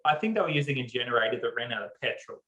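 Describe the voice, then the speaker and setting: A man, co-hosting a podcast and telling a story in an animated way, laughing often and acting out what people said. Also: mid-range voice, rapid-fire, echoey room, lo-fi sound. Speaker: podcast co-host. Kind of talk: casual storytelling chat.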